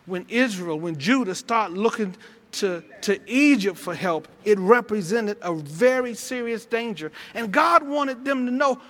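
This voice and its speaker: A man preaches with a very high, bright, forceful voice, rising and falling with churchy fervor. He repeats his phrases, stumbles and restarts, and calls out to his congregation. His speech carries a flavor. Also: expressive, a little slow. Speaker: pastor. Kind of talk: sermon.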